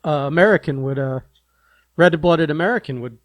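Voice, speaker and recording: A man co-hosting a podcast throws in wry, teasing remarks during casual banter. His voice sits a little high and sounds dry and close on the mic. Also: fairly quick, no echo. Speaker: podcast co-host.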